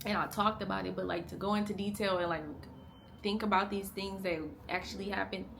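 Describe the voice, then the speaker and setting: A young woman talking candidly to her vlog camera. She speaks in a halting way, with many "like" fillers and restarts, at times hushed and strained. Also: mid-range voice, little pitch movement, vocal fry, background noise. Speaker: family vlogger. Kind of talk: candid confessional vlog talk.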